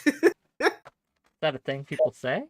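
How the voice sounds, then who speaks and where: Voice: medium pitch, sing-song, unhurried, dry recording, studio quality. A panel host moderating a discussion, teasing and quizzing the guests.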